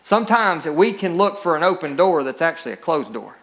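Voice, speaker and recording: A man's voice: fairly high pitch, big pitch swings, a little fast, fairly bright tone. A male pastor preaching a sermon, reading scripture aloud and rising into emphatic peaks.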